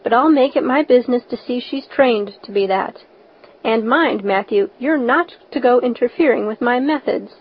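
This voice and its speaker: A woman voicing a stern, practical older woman who speaks in a brisk, scolding way. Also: a little high, slightly rough. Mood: dry resolve. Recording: dull lo-fi recording.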